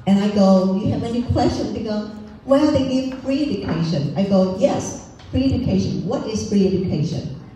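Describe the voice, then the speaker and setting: A woman's voice: mid-range voice, expressive, moderate pace, warm tone. A woman from Vietnam, a political candidate, telling a story in broken English as part of a campaign speech. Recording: echoey room from far off, faint noise.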